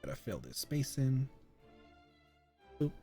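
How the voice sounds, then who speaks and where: A man running a tabletop role-playing game as game master, thinking aloud in a relaxed way as he plays. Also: medium pitch, slow pace, faint music behind. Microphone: streaming microphone.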